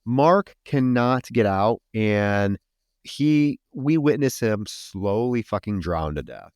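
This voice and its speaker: A podcast co-host with a lowish voice retells a film's climax slowly, in an animated, profane way, as part of a casual film recap. The recording is dry.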